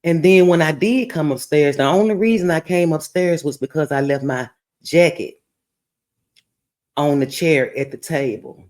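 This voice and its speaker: A woman podcast host telling a testimonial story, animated, laughing and preachy. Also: deep voice, moderate pace.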